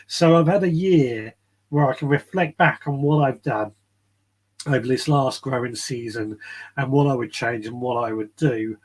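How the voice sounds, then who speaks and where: A man's voice: medium pitch, normal speed, darkish tone, breathy edge. A man hosting a casual live gardening chat from his shed, rambling and friendly, reading out viewer comments. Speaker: podcast host.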